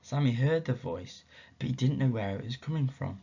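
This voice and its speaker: Man teacher telling a story to schoolchildren, expressive, lo-fi muffled recording. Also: mid-range voice, normal speed, breathy edge. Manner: expressive, asks the children questions.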